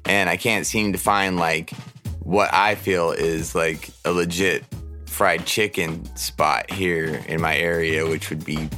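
A man's voice: deep voice, fairly even intonation, takes it slowly, pushed and bright, faint music behind. A man hosting a podcast, rambling in a laid-back, profane way full of fillers. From Portland area, Oregon. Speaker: podcast host. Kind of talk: casual podcast chat.

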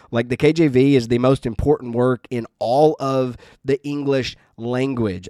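A man's voice: medium pitch, a little mellow, dry recording, studio quality. A man teaching about the Bible in a casual, earnest way, telling a personal story and using many fillers.

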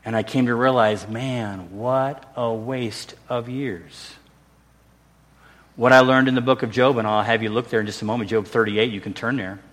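A man's voice: mid-range voice, level tone, fast, hardly any pauses, fairly bright tone. A middle-aged male pastor preaching a sermon in a church, earnest and conversational, with restarts and self-deprecating asides. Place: church sanctuary. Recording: long reverb of a large hall.

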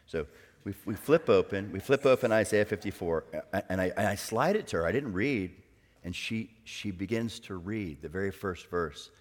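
A middle-aged man, a guest pastor, telling a personal story in a sermon, moving between hushed and loud bursts. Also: sits low, animated, moderate pace. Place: church hall. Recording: long reverb of a large hall.

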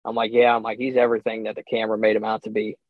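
A young man, a podcast guest, telling a hunting story in a casual, animated way, acting out his own reactions and chuckling often. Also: lowish voice, racing, no echo. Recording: slightly dull, dry sound.

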